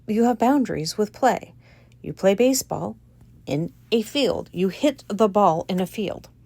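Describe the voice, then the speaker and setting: A woman giving a casual commentary monologue on her channel, animated and incredulous, repeating her points for emphasis. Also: medium pitch, unhurried, vocal fry, no room sound. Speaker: vlogger.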